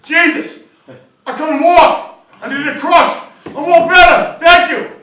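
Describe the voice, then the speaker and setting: A man playing an ecstatic man who shouts his thanks at being healed, in a stand-up bit. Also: very high-pitched, steady tone, takes it slowly, pitched above the performer's own voice, heavily acted. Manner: shouting, overjoyed. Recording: echoey club, distant mic, noisy.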